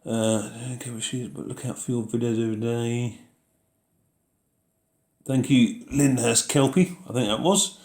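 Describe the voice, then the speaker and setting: A man's voice: mid-range voice, unhurried, pauses often, a little mellow, reverberant. A man hosting a casual live question-and-answer chat about farming, reading out viewer messages and answering them in an easygoing way.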